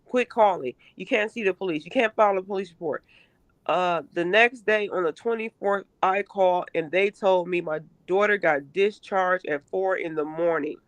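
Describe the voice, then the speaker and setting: A middle-aged woman giving an emotional first-person account in an interview, halting and repeating herself with emphasis. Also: on the low side, dry recording. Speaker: interview guest, mother.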